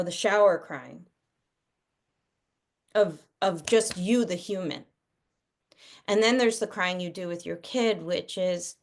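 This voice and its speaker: A middle-aged woman speaking as a parenting expert on a video call, chatting in a lively way and acting out the voices of parents and children. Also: on the low side. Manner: animated, acts out kids' and parents' voices. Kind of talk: casual talk over video call.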